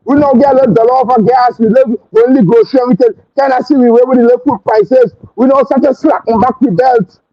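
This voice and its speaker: A man's voice: very high-pitched, fast. A man with a Trinidadian accent hosting a talk show, delivering a fiery, scornful political rant full of repetition. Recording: dull lo-fi stream audio with faint hiss.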